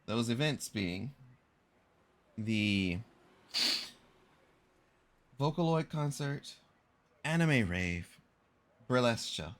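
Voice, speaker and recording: A man's voice: mid-range voice, expressive, drawn-out words, pauses often. A young man chatting casually on a live stream, rambling and correcting himself as he tells a story in slangy talk.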